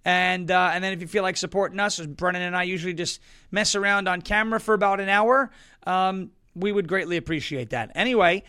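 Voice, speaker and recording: Man, political show host, high voice, bright forceful tone, sarcastic, wisecracking, loud emphasis. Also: a little fast, clean tone. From Suffolk County, New York, US. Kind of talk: opinionated political commentary.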